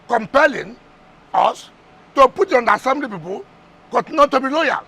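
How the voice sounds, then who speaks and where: A man's voice: very high-pitched, expressive, moderate pace, pushed and bright. A man with a Nigerian English accent, a politician guest on a heated TV interview, firing rhetorical questions and repeating words for emphasis.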